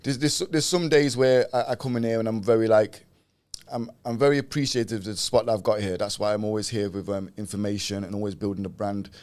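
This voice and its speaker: A man co-hosting a live podcast in a studio, joking loosely with plenty of ums and quick shout-outs. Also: on the low side, fairly even intonation. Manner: playful, loose, lots of ums and joking asides. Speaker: podcast co-host. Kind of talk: casual live-stream chat.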